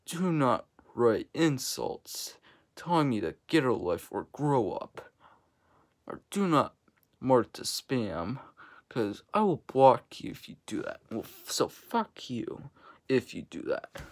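A woman's voice: rumbling low, sing-song, takes it slowly, a little mellow. A young woman venting in a vlog, annoyed and ranting, with frequent swearing. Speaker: vlogger.

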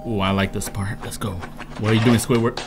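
A man hosting a casual meme reaction video, excitable and playful, laughing often. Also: on the low side, brisk. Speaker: host reacting to memes. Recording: music under voice.

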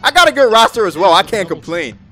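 A young man giving excited, trash-talking commentary over his own basketball video game play. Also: sits high, fast talker. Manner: hyped, exclaiming, trash-talking. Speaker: gaming YouTuber. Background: background music.

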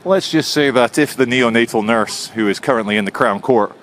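A man filming himself outdoors on a city street, talking in a calm, sardonic, unbothered way as he gives casual commentary to the camera. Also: mid-range voice, brisk, a little hiss or hum. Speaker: vlogger filming in public.

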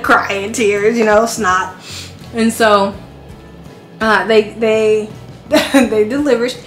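A woman in her thirties telling a personal story in casual vlog style, lively and acting out the voices of others. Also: fairly high pitch, moderate pace, soft background music. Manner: animated, acts out quoted voices. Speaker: vlogger. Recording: echoey room with faint noise.

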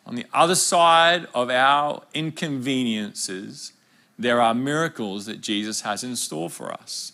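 Young Aussie male pastor, bright and punchy, chatty storytelling sermon. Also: mid-range voice, unhurried, gravelly. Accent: Australian. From Australia. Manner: conversational, humorous storytelling preaching.

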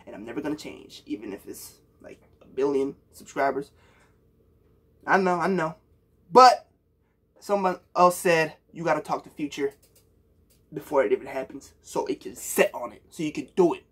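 A man's voice: a little high, lively intonation, normal speed, fairly bright tone, husky. A young man from Puerto Rico giving a hyped, slangy reaction to a song for his viewers, calling them bro. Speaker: music reaction youtuber. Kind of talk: casual music reaction talk.

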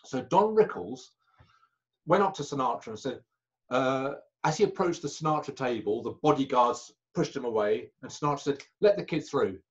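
A man telling anecdotes as an interview guest. He talks in a halting way and corrects himself often, over a video call. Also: mid-range voice, dull audio. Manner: chatty raconteur, halting and self-correcting. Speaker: magician guest.

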